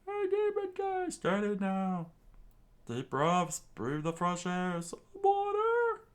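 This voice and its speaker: A man voicing a panicky male cook in a screeching falsetto as he reads a comic aloud. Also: wildly swooping pitch, slow pace, smooth, full character voice. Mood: panicked.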